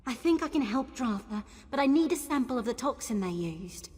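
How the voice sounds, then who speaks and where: An actress playing a plucky, brisk female ally in a fantasy game, with a New Zealand accent and a breathy voice. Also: fairly high pitch, animated, a little mellow, in a large hall.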